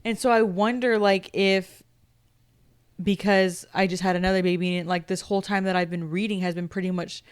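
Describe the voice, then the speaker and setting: Smooth-voiced chatty woman co-host. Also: fairly low pitch, normal speed. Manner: chatty, says like often, animated storytelling. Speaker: podcast co-host. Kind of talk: casual chat.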